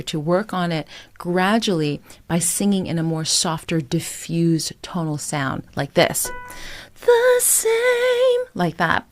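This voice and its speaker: A woman vocal coach teaching a singing lesson, explaining technique and breaking into short sung examples with an encouraging manner. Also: fairly low pitch. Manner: encouraging, demonstrates phrases by singing them.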